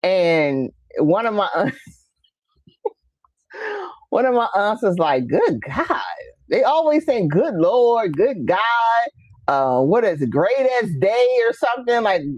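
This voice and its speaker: A woman's voice: mid-range voice, very animated, a little slow, darkish tone, dry recording, dull audio. A woman hosting a casual talk show, telling stories with laughter and acting out her relatives while reading viewer comments. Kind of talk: casual chat.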